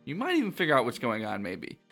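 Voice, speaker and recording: Lively, playful podcast host man. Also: medium pitch, fast, gravelly, faint music behind. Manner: playful, laughing, animated. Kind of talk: casual podcast chat.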